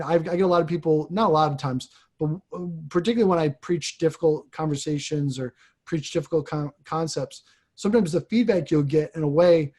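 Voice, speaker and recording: A man, a priest hosting a podcast, talking casually and haltingly, often repeating words as he thinks. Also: fairly high pitch, mellow. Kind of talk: casual conversation.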